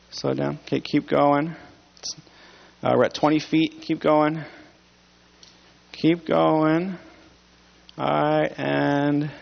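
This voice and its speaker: A pastor preaching a sermon in church, speaking conversationally and earnestly to the congregation. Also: male voice, a little high, gravelly, dull audio.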